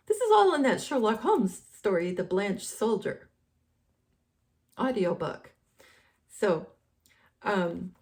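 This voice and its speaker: Gravelly-voiced woman rambling through commentary. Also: mid-range voice, darkish tone. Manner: rambling, many fillers and restarts. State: losing her voice. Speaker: host. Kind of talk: casual decoding commentary.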